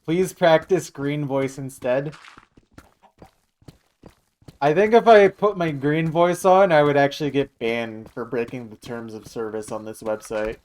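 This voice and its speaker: A man's voice: mid-range voice, unhurried, a little mellow. A man streaming live, chatting casually and jokily while reacting to his chat. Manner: rambling, jokey, reacting to chat.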